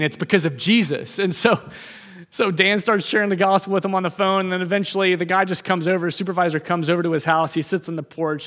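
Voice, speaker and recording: A male preacher telling a story in a sermon, speeding up and slowing down for emphasis. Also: on the high side. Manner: lively storytelling, shifts from fast to slow, emphatic. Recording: long hall reverb.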